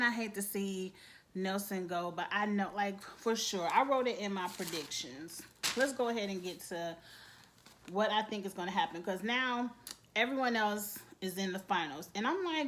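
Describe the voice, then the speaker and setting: Woman, casual reality TV recap, animated, laughs often. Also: mid-range voice, measured pace, pauses often. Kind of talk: casual episode review.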